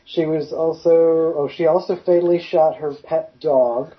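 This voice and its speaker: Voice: mid-range voice, steady tone, moderate pace. A co-host in a casual chat, reading notes aloud and adding wry remarks. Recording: dull lo-fi sound.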